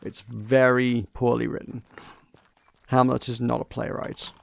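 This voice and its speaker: A man's voice: medium pitch, flat delivery, unhurried, gravelly. A man casually commenting while playing a story game, wry and a little rambling. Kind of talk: casual let's play chat.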